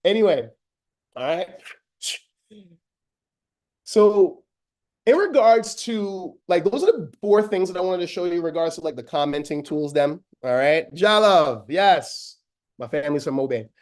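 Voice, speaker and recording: Jamaican man, trainer, slightly high voice, hyped and chatty webinar delivery. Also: lively intonation, a little slow, pauses often, darkish tone. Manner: high-energy, chatty, calls listeners friends. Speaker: educator giving an online training. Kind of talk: energetic webinar demo.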